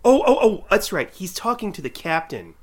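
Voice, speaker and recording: A man's voice: high voice, sing-song, moderate pace. A man co-hosting a podcast, chatting casually and recapping scenes by acting out the dialogue. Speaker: podcast co-host. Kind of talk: casual chat.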